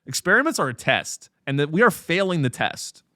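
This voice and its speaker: Male podcast host, slightly high, animated, sarcastic, profane rant. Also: brisk, dry recording, studio quality. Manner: sarcastic and profane, with lots of fillers.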